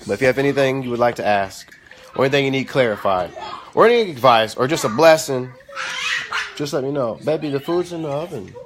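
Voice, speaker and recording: A man's voice: mid-range voice, fairly quick, background noise. A young man hosting a casual live stream from home, giving parenting advice and scolding his kids now and then. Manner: animated, stern with kids between advice. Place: home kitchen. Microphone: phone or webcam.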